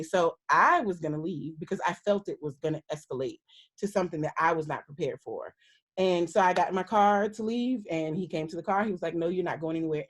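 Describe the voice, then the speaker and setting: A woman guest, a minister, telling a personal story in an interview in a candid, earnest way, acting out the lines of the people in it. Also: on the low side.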